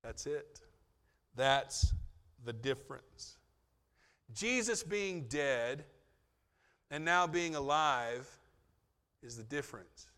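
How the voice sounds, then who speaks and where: A man preaching a sermon in a relaxed, conversational way, with joking asides and quotes acted out in a lively voice. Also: mid-range voice, slow, long pauses, in a large hall. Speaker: pastor.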